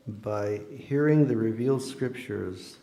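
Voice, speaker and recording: A man preaches informally, mixing story and scripture in a conversational, earnest way. His voice sits low with a warm, mellow color. The sound carries the echo of a large temple hall. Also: takes it slowly. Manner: conversational, earnest, with ordinary fillers. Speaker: devotional speaker. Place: temple hall during a festival. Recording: echoey hall.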